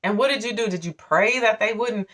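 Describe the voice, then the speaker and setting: A woman's voice: mid-range voice, brisk, fairly bright tone, recorded from a distance. Woman in her forties telling a personal story. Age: 40s. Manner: candid, emotional, conversational. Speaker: vlogger.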